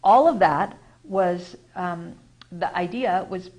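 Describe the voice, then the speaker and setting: A woman's voice: lowish voice, slow, poor audio. Chatty rambling American woman. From United States. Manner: chatty, rambling with fillers and self-corrections; acts out quoted voices, gets animated when emphasizing. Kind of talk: casual spoken reflection.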